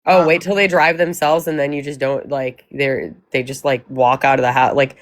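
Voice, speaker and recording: A woman in her forties with a low voice talks in a relaxed, easygoing way, swearing casually. The sound is dry and close. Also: normal speed, no room sound. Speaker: mother of teenagers on a livestream. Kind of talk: casual chat.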